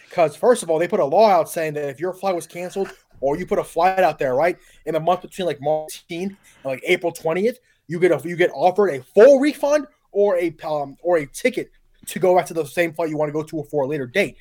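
A man's voice: fairly high pitch, fairly quick, a little mellow. A man telling a story in casual podcast chat, getting heated and swearing as he talks. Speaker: podcast guest.

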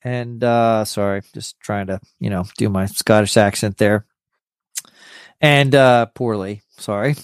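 Halting male podcast host, smooth dry voice. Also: lowish voice, steady tone, dry recording. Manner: halting, with many stammered restarts. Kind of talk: casual podcast chat.

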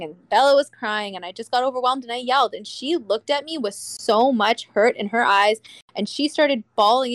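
A woman's voice: a little high, no room sound. A young woman talking candidly as a podcast guest, blunt and impassioned, swearing freely. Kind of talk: candid casual chat.

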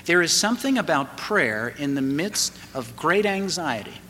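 A middle-aged man preaching a sermon, telling a family story slowly and deliberately, building to emphatic moments. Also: fairly high pitch, very animated, sharp tone, slight background noise. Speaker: pastor. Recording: reverberant hall, faint ambience.

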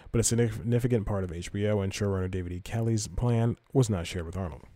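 A man's voice: fairly low pitch, fast talker, dark tone, no room sound. A man hosting a podcast, reading entertainment news aloud and rambling through it with self-corrections and casual asides. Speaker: podcast host.

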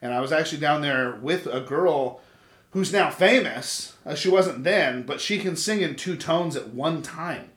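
A man in his thirties telling stories in casual chat, animated and profane. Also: fairly high pitch, measured pace. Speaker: podcast host. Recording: echoey room.

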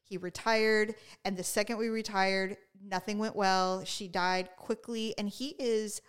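Woman podcast co-host, animated storyteller, casual chat. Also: medium pitch, measured pace, clear, resonant tone. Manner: animated storyteller, acts out quotes.

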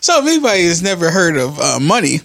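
A man's voice: on the high side, very animated, quick pace, creaky, a bit bright, no echo. A man co-hosting a casual podcast, making wry, blunt quips and laughing often. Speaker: podcast co-host.

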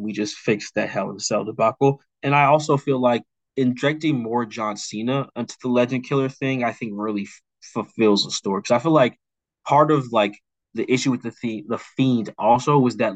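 A man's voice: mid-range voice, fairly bright tone, dry recording, poor audio. A young man co-hosting a podcast, recapping a storyline in a rambling casual way with lots of fillers. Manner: mimics wrestlers' lines in quick asides. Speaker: podcast co-host. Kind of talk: casual chat, pitching a storyline rewrite.

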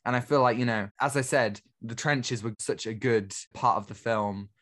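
A man co-hosting a film podcast, giving his opinions in relaxed, thoughtful chat. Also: medium pitch, normal speed. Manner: opinionated, thoughtful, lots of "I feel like". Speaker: podcast co-host. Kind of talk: casual film review chat.

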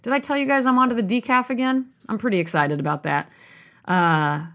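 A woman's voice: fairly high pitch, steady tone, fairly quick, a bit bright. A woman chatting to her viewers from a hotel room, rambling, candid and affectionate, both tired and a little amped up. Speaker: vlogger talking to her viewers. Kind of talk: casual chat to camera.

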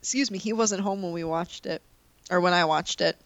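A woman's voice: fairly low pitch, brisk, no echo, highs cut off. A woman co-hosting a podcast, recapping a movie in playful, giggly casual chat. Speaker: podcast co-host.

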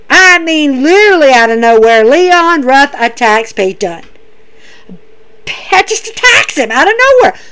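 A woman's voice: high-pitched, a bit bright. A woman hosting a casual recap show, emphatic and sarcastic, repeating phrases for effect. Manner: sarcastic, mocking asides. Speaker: wrestling recap host.

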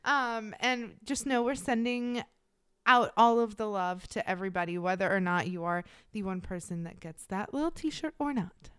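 A woman co-hosting a podcast, chatting casually in an animated, emphatic way. Her voice is smooth and resonant at a middle pitch. The sound is dry and close, with no room around it. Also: moderate pace, no room sound. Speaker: podcast co-host.

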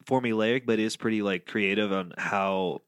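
A man's voice: fairly low pitch, moderate pace, clean tone, no echo, studio quality. A young man co-hosting a casual podcast, teasing his friend and laughing often. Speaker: podcast co-host. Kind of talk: casual chat about a cartoon series.

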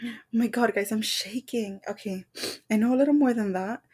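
Nervous, breathy young woman podcaster. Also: a little high, moderate pace, a little mellow. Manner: nervous, self-conscious, giggly, apologetic. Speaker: podcast host. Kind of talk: casual solo podcast chat. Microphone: home microphone.

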